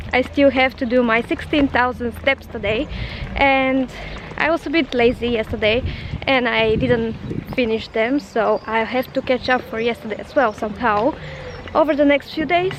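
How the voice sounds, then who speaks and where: A woman's voice: high voice, background noise. A young woman vlogging casually in a chatty, upbeat way. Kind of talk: casual vlog narration. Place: home and outdoors around town.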